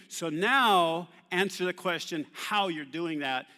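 A man's voice: sits high, a little slow, pushed and bright. A man preaching a sermon to a congregation, asking them questions and having them answer back. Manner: call-and-response questions to the congregation. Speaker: pastor. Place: church hall. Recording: long hall reverb.

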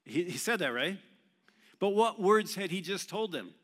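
Preaching at a moderate pace in an expressive, high, slightly bright voice, a male pastor questions his congregation and draws answers back from them. It is recorded in a church hall with long reverb.

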